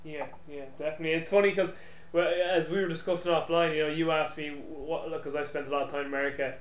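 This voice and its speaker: Fast-talking Irish man in an echoey room. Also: a little high, steady tone. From Ireland. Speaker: podcast host. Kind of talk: casual interview talk.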